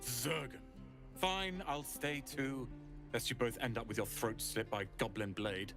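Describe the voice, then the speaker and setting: A man's voice: medium pitch, a little slow, lightly acted. Male actor as a sardonic young tiefling fighter, game dialogue, reluctant tone, guitar music underneath. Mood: grudging.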